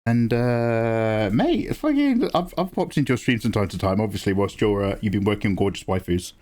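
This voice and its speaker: A man's voice: lowish voice, a little fast. A man hosting a drawing livestream, chatting casually with viewers, joking and swearing freely. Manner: animated, swears freely, jokes with chat. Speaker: livestream host. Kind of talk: casual chat while drawing.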